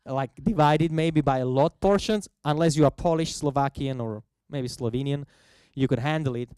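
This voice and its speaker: A man giving a festival talk on the history of coffee cocktails, telling it as a lively story in non-native English. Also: fairly high pitch, moderate pace, clear, resonant tone, no echo. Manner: lively storyteller who acts out quoted voices.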